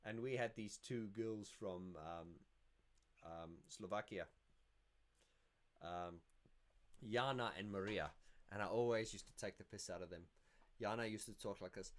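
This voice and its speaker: A man's voice: fairly low pitch, normal speed. A man hosting a casual livestream Q&A, chatty and rambling, often laughing and restarting his sentences. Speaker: YouTube channel host.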